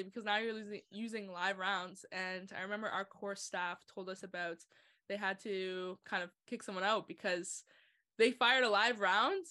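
Bright-voiced chatty woman host. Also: medium pitch. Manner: chatty, animated, laughs between points. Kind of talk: casual podcast conversation.

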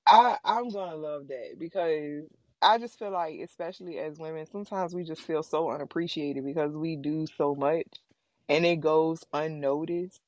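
A woman's voice: sits low, moderate pace, no echo. A woman co-hosting a podcast, chatting casually and speaking directly to a live audience. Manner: warm, chatty, talks directly to listeners. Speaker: podcast co-host.

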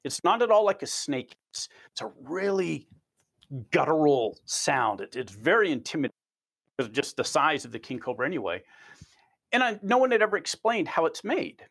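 A research scientist answers interview questions as an animated storyteller, repeating words at the start of phrases. His voice is on the high side, creaky and husky, at a moderate pace.

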